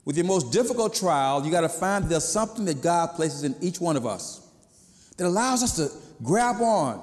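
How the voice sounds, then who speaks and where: In a casual, conversational sermon, a male pastor with a fairly high voice speaks over the long echo of his church. He's very animated yet moderately paced and a little mellow, now and then slipping into the voices of quoted figures.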